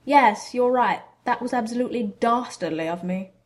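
An awkward, good-natured teenage wizard boy, read by a woman in an audiobook-style story. He talks in an earnest, slightly flustered way at a fairly high pitch. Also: normal speed, lightly acted.

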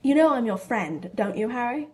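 A woman's voice: fairly high pitch, animated, moderate pace, a little mellow, close to an everyday voice. A woman voicing a scheming, cheeky teenage boy wizard in a storybook reading, with a brash, teasing manner. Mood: pushy.

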